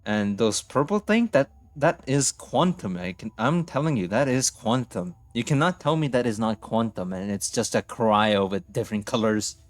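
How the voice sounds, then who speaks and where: Excitable man reacting to a game. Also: medium pitch, normal speed, hardly any pauses, no echo. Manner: excitable, exclaiming and swearing.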